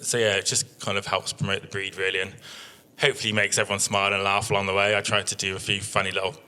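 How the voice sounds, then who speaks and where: A man in his thirties gives a relaxed workshop talk, rambling through stories about his sheep with plenty of ums. His voice sits a little low but sounds bright and forceful. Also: quick pace, clear, resonant tone. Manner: chatty storytelling with many fillers. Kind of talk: presentation with slides.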